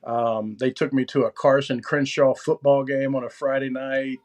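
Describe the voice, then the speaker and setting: Speaking at a moderate pace with a flat delivery, this fifties-aged man has a mid-range voice. As a guest in a casual interview, the former magazine writer rambles loosely and keeps restarting his sentences.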